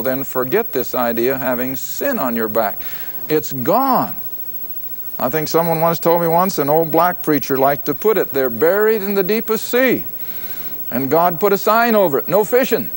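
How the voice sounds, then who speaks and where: Older male Bible teacher, a bit high-pitched, emphatic classroom delivery with deliberate repetition. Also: expressive. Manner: emphatic, repeats key words slowly for note-taking. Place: classroom with live audience.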